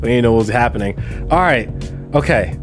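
Gamer dude chatting over a multiplayer game, voice jumps all over, bit of music under it. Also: male voice, mid-range voice, brisk. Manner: excitable, yells and laughs while playing. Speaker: gaming channel host. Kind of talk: casual multiplayer gameplay chat.

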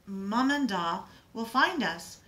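A woman voicing a brave older sister who speaks calmly and reassuringly. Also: medium pitch, slow, very noisy. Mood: urgent, soothing. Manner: calm and reassuring.

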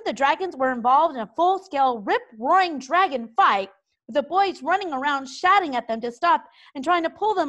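Woman, storybook read-aloud, expressive, lively melody, higher voice. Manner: expressive, animated narration. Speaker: children's book reader.

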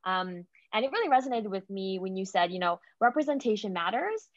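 A young woman student asking a question on a panel, hesitant and filling pauses with ums. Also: medium pitch, expressive, no room sound. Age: young adult. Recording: dull, dry lo-fi mic.

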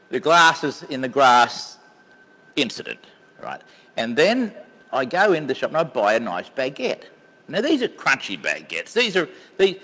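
An older man hosts a painting live stream, chatting in a loose, rambling way full of restarts. His voice sits fairly high for a man and swings up and down freely as he tells a story. The sound carries a long reverb tail. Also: a bit bright. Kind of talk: casual live-stream chat.

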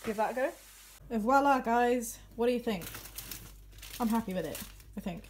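A woman's voice: fairly high pitch, animated, moderate pace, slight background noise. A young woman chatting candidly and animatedly to camera in a casual home vlog. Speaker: vlogger. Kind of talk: casual chat. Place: home, office and kitchen indoors.

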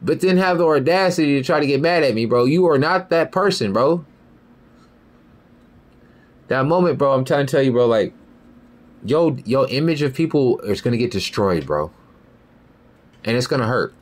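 A man's voice: medium pitch, animated, moderate pace, pauses often. A young man hosting a podcast in a rambling, profane casual monologue, often asking "you feel me". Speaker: podcast host.

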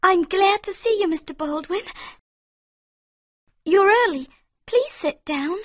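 A man reading an audiobook, voicing an anxious young woman in a high falsetto. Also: slow, a bit bright, heavily acted. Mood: polite. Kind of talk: audiobook character voice.

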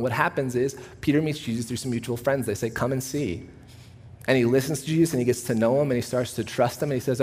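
In a church auditorium full of long, hall-like reverb, a male pastor delivers a sermon. He's relaxed and conversational, telling stories with a joking edge, his voice medium-pitched and fairly quick.

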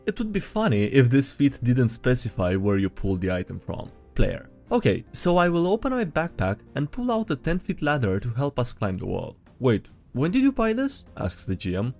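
A man casually reads out gaming memes and reacts to them, laughing and joking as he goes. His voice sits at a middle pitch and moves up and down a lot. Faint music plays behind him. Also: big pitch swings, gravelly, a little mellow. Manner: playful, laughs often, quick asides. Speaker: video host reading memes. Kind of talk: casual meme commentary.

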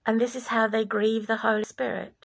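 A woman from former Yugoslavia giving an impassioned religious monologue, deliberate and preachy, sometimes dropping to a whisper. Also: a little high, level tone, vocal fry. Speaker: vlogger.

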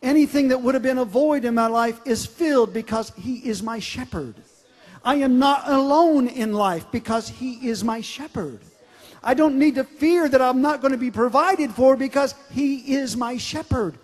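High-voiced preacher in a reverberant hall. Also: male voice, normal speed. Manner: emphatic, swings from loud declarations to quiet storytelling. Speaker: pastor. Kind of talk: sermon. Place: large church sanctuary.

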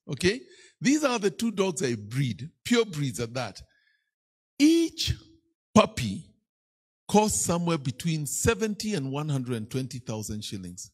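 A man's voice: on the high side, husky. A man with a Kenyan accent preaching a sermon as a bishop, telling playful stories and teasing the congregation. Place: church.

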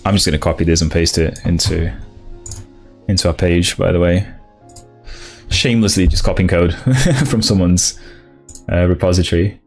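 A young man streaming his coding session, thinking aloud in halting restarts and chatting with viewers. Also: deep voice, steady tone, a little mellow, faint music behind. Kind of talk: casual live-coding stream.

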